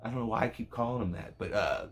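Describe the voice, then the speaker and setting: A man's voice: fast, faint music behind. A man giving a casual, rambling movie review, swearing often and cutting himself off mid-thought. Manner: profane, rambling, self-interrupting; voice jumps high when emotional.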